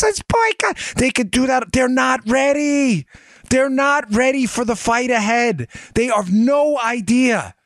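A man's voice: sits high, a bit bright, no room sound. Combative man ranting on a podcast. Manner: combative, ranting, punchy rhetorical questions. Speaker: podcast host. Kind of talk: heated political commentary.

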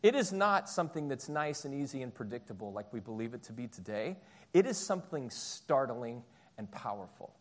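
A man in his thirties, a pastor and father of four, giving a casual, storytelling sermon in a chatty, animated way. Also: mid-range voice, brisk.

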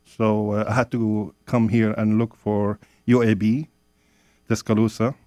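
A man's voice: lowish voice, level tone, measured pace, darkish tone, no room sound. Man, radio show guest, casual chat, slightly broken English, dry studio mic. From Jordan.

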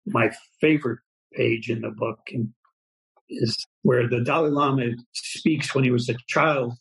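A man with a very husky, breathy voice talks in a relaxed interview. His delivery is soft and earnest, and he often answers with a quiet "wow." His pitch sits at an ordinary middle level for a man. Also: rough recording. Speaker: cartoonist guest. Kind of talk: conversational interview.

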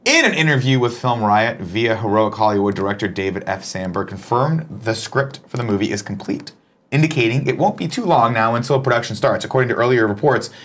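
Man, show host, reads news and banters, dry and playful, expressive pitch. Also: brisk. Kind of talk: casual chat and news reading.

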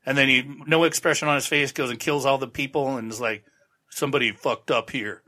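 A man hosts a podcast in an easy, rambling recap, dropping sarcastic asides as he goes. His voice is mid-pitched and bright, with a forceful edge. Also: quick pace. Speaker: podcast host. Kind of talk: casual recap of a TV show.

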